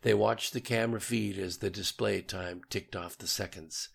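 Man reading an audiobook, gravelly and husky, lowish. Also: normal speed. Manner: low, even dialogue tags. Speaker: narrator. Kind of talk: audiobook narration.

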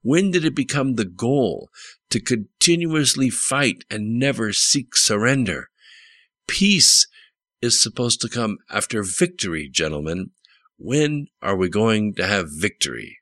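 A man's voice: lowish voice, sing-song, measured pace, a bit bright, no room sound, pitched above the performer's own voice, heavily acted. A man reading the lines of a frustrated male president pressing his generals in an audiobook. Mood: exasperated.

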